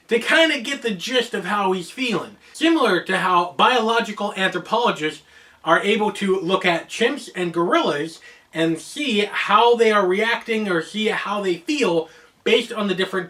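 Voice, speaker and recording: A man's voice: sits high, bright, forceful tone, far from the mic. An American man from Oregon hosting a casual explainer video in a playful, joking way. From United States (Oregon). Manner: playful, joking, shifts into voices for examples. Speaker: host.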